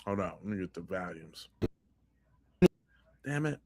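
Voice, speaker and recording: This podcast host has a low voice and keeps a measured pace. He reacts to clips with animated, emphatic commentary and swears freely.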